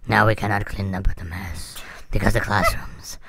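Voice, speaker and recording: A woman putting on a creepy, low, drawn-out voice to read out a school notice in a game. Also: steady tone, a bit bright, full character voice. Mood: eerie. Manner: slow, eerie, drawn-out delivery.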